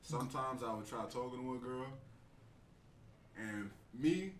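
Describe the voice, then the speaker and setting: A man's voice: medium pitch, animated, unhurried, distant mic, slight background noise. A young man co-hosting a podcast, telling stories in a laid-back, slangy way. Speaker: podcast co-host. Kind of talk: casual chat. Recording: roomy echo, from off mic.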